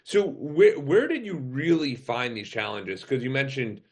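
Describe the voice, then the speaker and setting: A man's voice: medium pitch, lively intonation, measured pace. A man hosts a podcast with an ordinary mid-range voice. He talks casually and asks long, rambling questions. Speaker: podcast host. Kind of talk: casual interview chat. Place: remote call.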